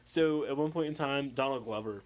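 Animated, profane man telling stories. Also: mid-range voice, normal speed. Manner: excitable, profane, acts out voices. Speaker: tattoo artist. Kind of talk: casual chat.

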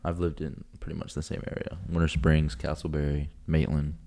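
A man's voice: a bass voice, level tone, a little fast, mellow. A young man in his twenties from Florida, co-hosting a podcast and telling a story in casual chat, acting out quotes with swearing and laughter. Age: 20s. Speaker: podcast co-host.

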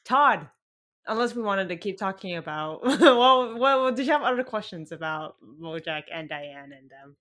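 A woman's voice: medium pitch, expressive, moderate pace, fairly bright tone. A woman co-hosting a casual podcast chat, mostly giving short murmurs of agreement and laughing easily. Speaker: podcast co-host.

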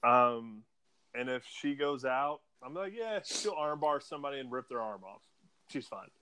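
A man's voice: mid-range voice, animated, moderate pace, bright, forceful tone, clear, resonant tone. Joking man in casual podcast chat. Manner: joking, teasing, laughs easily.

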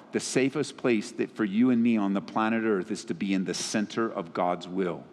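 A man preaching a sermon as a pastor, often sinking into low, quiet tones for emphasis. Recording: long reverb of a large hall.

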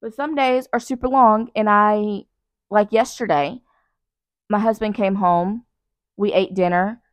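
A young woman hosts her own solo podcast from her living room couch at night, speaking a little slowly in a medium-pitched, fairly even voice with no echo. She chats casually, blunt, profane, rambling and self-mocking.

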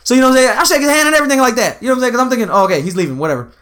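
Young man, lively storyteller, swings up and down, loose and profane. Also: very high voice, rapid-fire. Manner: animated storytelling with profanity and slang. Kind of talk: casual chat.

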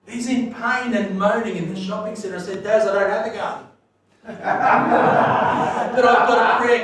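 Animated preacher in an echoey hall. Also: male voice, high voice, a little slow, pauses often, far from the mic, slight background noise. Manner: animated, laughing storyteller who swings from loud to hushed. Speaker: pastor. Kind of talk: sermon storytelling.

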